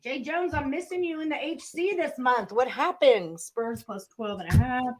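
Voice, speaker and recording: A woman's voice: high voice, moderate pace. A woman hosting a live sports betting show, reading out viewers' picks and chatting casually.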